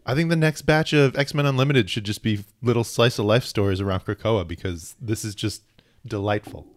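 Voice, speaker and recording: A man's voice: lowish voice, brisk. Enthusiastic male podcast co-host. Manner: enthusiastic, reads out credits. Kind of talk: casual chat about comics.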